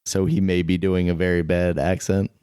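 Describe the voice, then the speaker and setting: A man hosting a podcast in casual chat, relaxed and laughing often. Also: sits low, normal speed, smooth. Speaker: podcast host.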